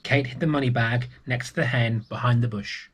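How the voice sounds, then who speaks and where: A man reading a picture book aloud to young children, gentle and unhurried. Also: mid-range voice, fairly even intonation, slight background noise. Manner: gentle and unhurried, with small restarts.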